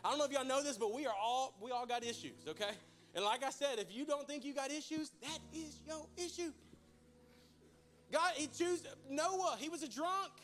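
A man's voice: extremely high pitch, fairly quick, a bit bright. A young man preaching a folksy, joking sermon to his church. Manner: folksy, joking, addresses crowd as y'all. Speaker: pastor.

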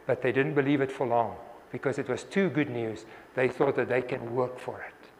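A man's voice: medium pitch, fairly even intonation, normal speed, in a large hall, a little hiss or hum. A man preaching a sermon earnestly, often restarting his words and acting out the voices he quotes.

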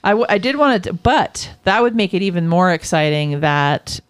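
A woman's voice: on the low side, expressive, normal speed, clean tone, dry recording. A woman hosting a casual chat podcast, talking in a playful way and laughing often. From California. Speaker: podcast host.

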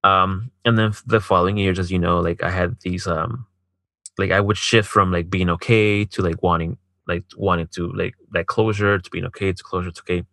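A man's voice: sits low, fairly even intonation, a little fast, vocal fry, a bit bright, no room sound. A man telling a personal story in casual chat, swearing a lot, filling his speech with "like", and acting out what others said. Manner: profane, heavy use of filler "like"; acts out quoted dialogue.

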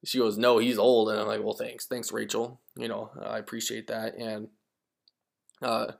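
A man's voice: lowish voice, level tone, normal speed, creaky. A man in his twenties, a podcast host, telling a casual story on his own, rambling and repeating words as he acts out friends' lines. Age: 20s.

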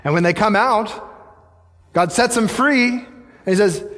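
A man's voice: high voice, measured pace, pauses often, a bit bright. A male pastor preaching a sermon in a casual, slangy, conversational way. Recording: long hall reverb.

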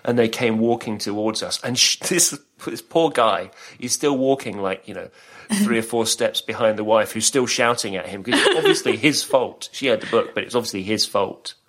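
A man's voice: fairly low pitch, normal speed, few pauses, fairly bright tone. A middle-aged man from Britain, co-hosting a podcast and telling stories in casual chat, laughing often. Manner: chatty storyteller, laughs often. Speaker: podcast co-host.

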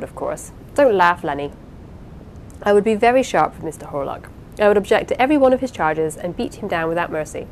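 A woman reading the part of a lively, affectionate young wife in an audiobook, eager and playful. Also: medium pitch, a little hiss or hum, natural voice, low-quality recording.

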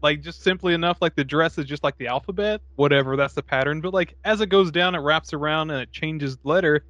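A man's voice: on the high side, a little fast, no room sound, muffled recording. A man co-hosting a casual movie podcast, swearing a lot and acting out lines from the film as he recaps it. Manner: animated, profane, acts out quotes from the film. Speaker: podcast co-host. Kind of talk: casual movie-review chat.

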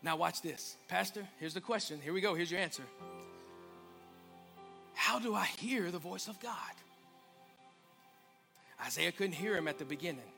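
A man preaching a sermon as pastor, swelling to emphatic peaks and dropping to hushed lines. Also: high voice, expressive, normal speed, creaky, pauses often, soft background music. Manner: preaching with rising, emphatic swells and quiet drops. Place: church sanctuary.

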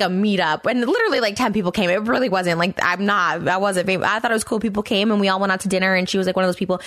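A woman hosting her own podcast, talking in a blunt, profane, rambling way full of fillers, her pitch jumping up when she gets worked up. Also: fairly bright tone, no echo, clean studio sound. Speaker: podcast host. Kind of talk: casual commentary monologue.

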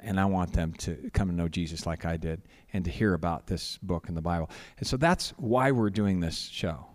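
Male preacher, slightly low voice, storytelling sermon, halting with many restarts. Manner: halting, repeats words, acts out quotes.

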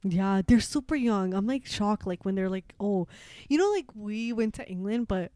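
Young woman, casual chat, mellow dark voice, dry close sound, rambling with lots of "like". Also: medium pitch, animated, moderate pace, no room sound. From Canada. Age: 20s. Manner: rambling storyteller, heavy "like" fillers, frequent swearing.

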